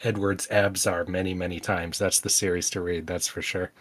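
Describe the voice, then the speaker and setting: A man's voice: sits low, flat delivery, normal speed, no room sound. A man co-hosting a podcast in casual chat, blunt and sarcastic, swearing freely. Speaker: podcast co-host.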